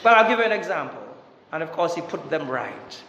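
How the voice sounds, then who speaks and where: A man preaching a Catholic sermon with passion, asking rhetorical questions and swinging between loud urgency and hushed tones. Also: on the high side, very animated, a little fast, creaky, muffled recording. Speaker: Catholic priest. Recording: echoey church with long reverb.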